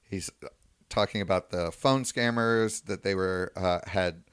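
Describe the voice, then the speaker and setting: A man's voice: sits low, measured pace, a bit bright, clear, resonant tone, no room sound, clean studio sound. A man co-hosting a podcast, recounting a news story at length in casual talk and paraphrasing what people said. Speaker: podcast co-host.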